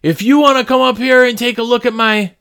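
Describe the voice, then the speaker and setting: A man putting on a shrill yelling old man. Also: fairly even intonation, fairly quick, smooth, full character voice. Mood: mocking yell. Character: furious old man in his eighties, yelling taunts.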